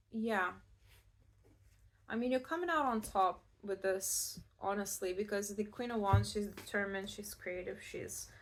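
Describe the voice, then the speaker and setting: A woman's voice: medium pitch, a little hiss or hum. A Scottish woman giving a casual pick-a-card tarot reading, chatty and reassuring, with many fillers and restarts. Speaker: tarot reader.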